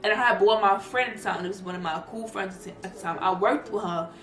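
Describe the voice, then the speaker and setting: A woman's voice: mid-range voice, fast. A young woman vlogger telling a heated story, switching to squealed impressions of other people as she tells it. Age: young adult. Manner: animated, heated retelling with squealed imitations of others. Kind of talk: storytime vlog. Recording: echoey room, music underneath.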